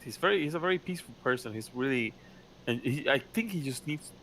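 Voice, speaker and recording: A man in casual chat, talking in a halting, hesitant way with many restarts. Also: mid-range voice, lively intonation, fairly bright tone, slight background noise, low-quality recording. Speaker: fellow role-player.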